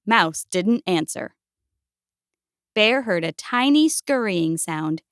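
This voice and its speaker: A woman gently and expressively reading a picture book aloud. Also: medium pitch, animated, slow pace, smooth, no echo, clean studio sound. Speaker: storyteller.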